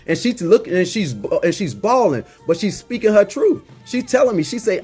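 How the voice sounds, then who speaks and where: A man's voice: sits high, lively intonation, quick pace, hardly any pauses, a little mellow, breathy edge, soft background music. A man, talking earnestly as a community mentor, restarting often and growing heated. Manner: earnest, repeats and restarts, rises when heated. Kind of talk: impassioned personal talk.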